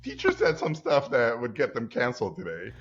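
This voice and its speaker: A man's voice: medium pitch, wildly swooping pitch, a little fast, lo-fi sound. A man from Mexico, a guest animator, telling stories in a casual interview and acting out quotes in different voices.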